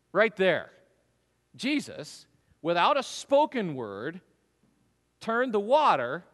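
A man preaching a sermon, telling the story with lively, acted-out voices. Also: sits high, long reverb tail. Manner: animated storytelling, acts out voices. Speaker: pastor.

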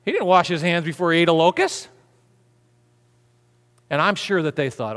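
Male pastor, lively high-pitched sermon delivery, church hall with long reverb. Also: normal speed, long pauses. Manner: animated, acts out biblical figures with humor.

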